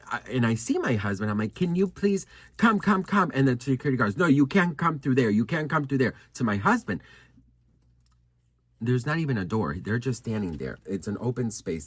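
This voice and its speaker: A young man chatting to his viewers in a sassy, animated way, storytelling and gossiping as a vlogger. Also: fairly low pitch, no room sound. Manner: animated, sassy, addresses viewers as girl and honey.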